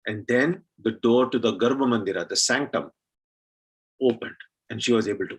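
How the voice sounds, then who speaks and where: A man from India telling a devotional story at a temple celebration, unhurried, with frequent fillers. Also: mid-range voice, breathy edge, low-quality recording.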